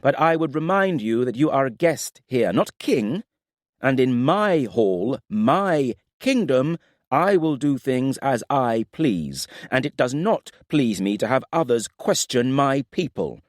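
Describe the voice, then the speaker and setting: A man voicing a proud, stern king who speaks in a forceful, clipped, lecturing way. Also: mid-range voice, sing-song, takes it slowly, dry recording, studio quality, voice pushed up.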